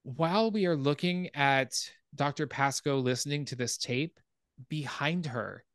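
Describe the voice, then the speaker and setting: A man hosting a podcast, casually retelling a film's plot scene by scene in an animated way. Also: fairly high pitch, unhurried, dry recording. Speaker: podcast host. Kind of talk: casual film recap.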